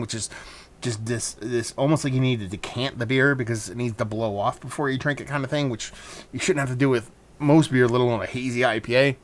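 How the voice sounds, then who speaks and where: A man's voice: mid-range voice, quick pace, a bit bright. Loose, swearing beer-review vlogger man. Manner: loose, profane, rambling. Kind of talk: casual beer review vlog.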